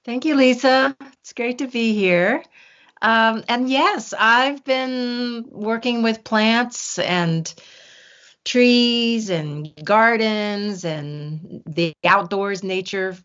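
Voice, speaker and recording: A woman's voice: on the high side, very slow, fairly bright tone. An older woman, a guest herbalist, chatting in an interview, telling stories with many restarts. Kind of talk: casual interview chat. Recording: dull lo-fi sound.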